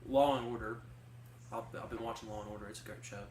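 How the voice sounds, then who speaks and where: A man's voice: on the low side, fairly even intonation, quick pace, darkish tone. Young male co-host, casual rambling chatter, recorded from a distance in a roomy space with faint hiss. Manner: rambling, chatty storytelling with many likes. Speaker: podcast co-host. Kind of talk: casual chat.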